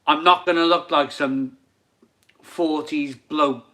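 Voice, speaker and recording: Bright-toned man in his forties. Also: on the high side, steady tone, takes it slowly. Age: 40s. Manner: chatty, laughs often, reads chat comments aloud. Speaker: beer reviewer and live stream host. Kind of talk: casual live stream chat.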